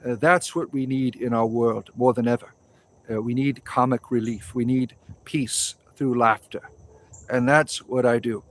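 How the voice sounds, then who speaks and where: A man's voice: mid-range voice, fairly even intonation, a little slow, slight background noise. A man in his forties hosting a casual livestream outdoors, rambling through viewer comments and swearing freely. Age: 40s. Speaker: livestream host.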